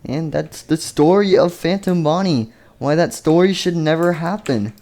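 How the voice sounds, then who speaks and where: A man's voice: fairly high pitch, normal speed, darkish tone. A man improvising a story over game footage, rambling and playful with many fillers and restarts. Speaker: video narrator.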